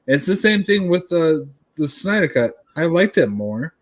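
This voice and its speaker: A man's voice: on the high side, big pitch swings, unhurried. A man in a casual podcast discussion, blunt and opinionated, swearing casually. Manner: blunt, offers hot takes, swears casually.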